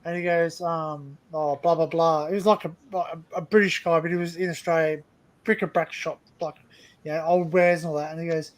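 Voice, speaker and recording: A man's voice: on the high side, steady tone, brisk. A man hosting a live stream, chatting casually and telling rambling anecdotes with plenty of swearing.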